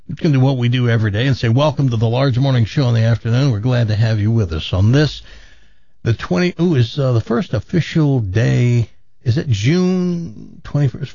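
A man's voice: mid-range voice, darkish tone, dry recording. A man hosting a radio show in casual chat, rambling and joking, with a put-on Southern accent. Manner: rambling, self-interrupting, joking. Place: radio studio. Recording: slightly muffled radio broadcast.

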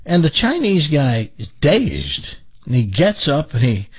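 A middle-aged man hosting a radio show, chatting casually and telling stories in an animated way. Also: a little slow, breathy edge. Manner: animated storyteller, lively pitch. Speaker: radio host. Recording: dull lo-fi radio broadcast.

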